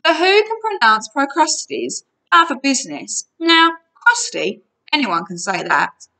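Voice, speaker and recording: A woman's voice: sits high, big pitch swings, a little slow, pushed and bright, pitched above the performer's own voice, heavily acted. A woman voicing a pushy, boastful male giant waterbed salesman in a storybook reading, with a wheedling sales patter.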